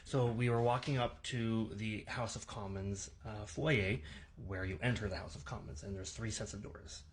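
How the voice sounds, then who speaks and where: A man from Canada, a former tour guide, telling an animated, incredulous story in casual speech. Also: on the low side, moderate pace, slight background noise.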